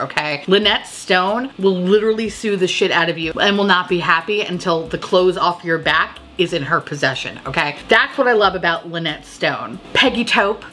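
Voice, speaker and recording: Animated, foul-mouthed woman gushing about makeup. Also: on the low side, slight background noise. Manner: animated, swearing, laughing, drinking. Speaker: beauty video host. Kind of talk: casual, profane makeup chat.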